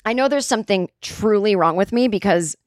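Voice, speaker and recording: A woman's voice: mid-range voice, brisk, no room sound, studio quality. Candid, self-mocking woman podcast host. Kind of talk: comedic solo podcast monologue.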